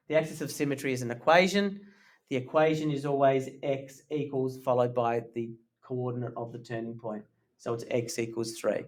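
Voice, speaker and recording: A man teaching a live maths lesson in a classroom, talking in a casual, joking way. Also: medium pitch.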